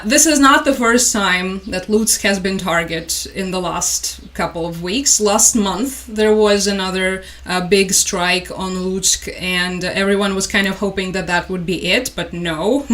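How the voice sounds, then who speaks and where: A woman's voice: mid-range voice, measured pace, a bit bright. Woman from Ukraine hosting a casual news livestream, tired, chatty, dry sarcastic humor, mid-range voice. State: stressed and tired. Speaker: livestream host. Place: home room with a collection on the wall.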